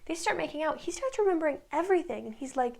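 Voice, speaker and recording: Young woman, chatty recap vlogger, slightly high voice, vocal fry, rambling with lots of likes. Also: expressive, fast talker.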